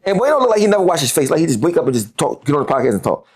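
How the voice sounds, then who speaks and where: A man's voice: a little high, very animated, rapid-fire, darkish tone, slightly rough. A man, a guest on a podcast interview, talking heatedly and profanely and repeating words as he gets worked up.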